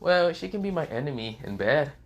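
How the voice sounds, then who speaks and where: A man's voice: fairly high pitch, big pitch swings, fairly quick, lo-fi sound, voice pushed up. A man voicing a shameless, cocky young man who talks in a casual, teasing way.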